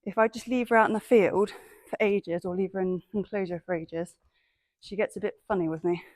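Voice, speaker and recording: A woman's voice: medium pitch, steady tone, brisk, dry recording. A woman chatting outdoors while working her young horse, praising it often and slightly out of breath. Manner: chatty, praising the horse in a bright sing-song. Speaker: horse owner vlogger. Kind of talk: casual chat while training a horse.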